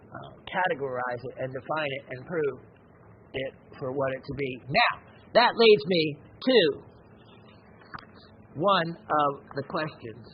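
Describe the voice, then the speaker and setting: A man hosting a gem and mineral show, talking in a slow, rambling, reflective way with many pauses and fillers. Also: on the high side, muffled recording, a little hiss or hum. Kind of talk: unscripted educational show talk.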